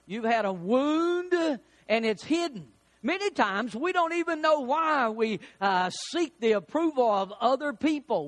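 A middle-aged man preaching, his voice sitting high and swinging widely in pitch. He tells folksy, homely stories between readings of scripture. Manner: animated preaching with folksy anecdotes. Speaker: pastor. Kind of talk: sermon.

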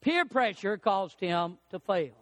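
A man's voice: high-pitched, slow pace. A man preaching a sermon, telling stories and acting out what people say. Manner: animated storytelling preacher, acts out voices. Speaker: pastor. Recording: dry with long hall reverb.

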